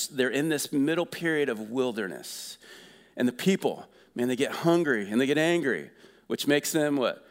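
A man preaching a sermon in a conversational, energetic way, asking the congregation questions. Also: medium pitch, in a large hall. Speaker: pastor.

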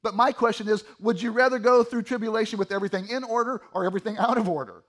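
A middle-aged man preaching a sermon as pastor, moving between loud emphatic stretches and quiet, low asides to the congregation. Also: quick pace.

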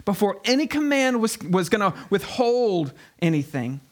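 A man's voice: high-pitched, very animated, normal speed. A man preaching a conversational sermon, often putting questions to the congregation. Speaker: pastor.

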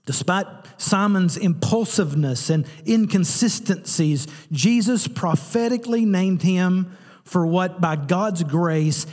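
Animated preacher, higher male voice. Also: takes it slowly, long reverb tail. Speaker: pastor. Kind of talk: sermon.

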